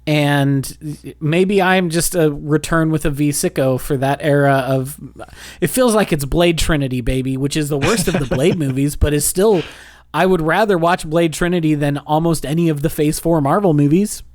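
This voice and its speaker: A man's voice: fairly high pitch, moderate pace, darkish tone. A man co-hosting a podcast, telling stories in a playful, teasing way. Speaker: podcast co-host. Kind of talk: casual film review chat.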